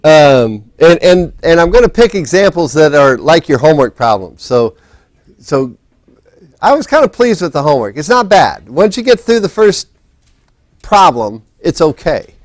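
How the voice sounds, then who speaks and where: A man's voice: fairly high pitch, big pitch swings, normal speed, dry recording. A man lecturing a physics class in a casual, rambling way, often restarting his sentences. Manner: rambling, restarts often, talks while setting up. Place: lecture hall.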